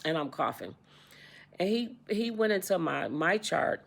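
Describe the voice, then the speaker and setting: A woman's voice: fairly low pitch, unhurried, gravelly, slightly rough. A woman in her sixties telling a personal story in a casual vlog, repeating herself and acting out quoted dialogue. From United States. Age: 60s. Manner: repetitive, animated retelling with quoted dialogue. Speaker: vlogger.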